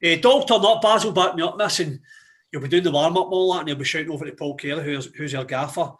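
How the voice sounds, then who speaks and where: A man's voice: on the high side, quick pace. A Scottish man, an assistant football manager, telling cheeky swearing stories in casual chat. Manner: animated, swearing anecdotes. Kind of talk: casual storytelling.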